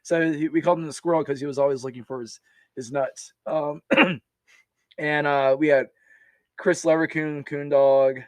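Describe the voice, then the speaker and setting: A man telling stories from his army service in a casual, animated way, laughing often and restarting his sentences. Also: a little high, moderate pace, no echo. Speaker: podcast guest, army veteran. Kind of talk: casual storytelling.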